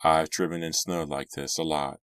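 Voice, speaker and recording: A man voicing a quiet, steady teenage boy in a horror audiobook, calm and even. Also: extremely low pitch, normal speed, clear, resonant tone, dry recording, studio quality.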